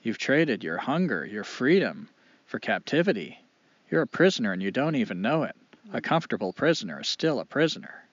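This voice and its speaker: A man voicing a wise wild male wolf who speaks slowly and sadly. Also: mid-range voice, wildly swooping pitch, breathy edge, no echo, heavily acted. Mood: sorrowful. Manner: slow, grave, sorrowful. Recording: dull lo-fi recording.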